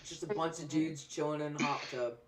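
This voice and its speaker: A man's voice: a little high, steady tone, brisk, crowd noise. A man playing in a tabletop role-play session who talks casually with a lot of fillers and restarts. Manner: rambling, with many fillers and restarts. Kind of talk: casual in-character play over voice chat.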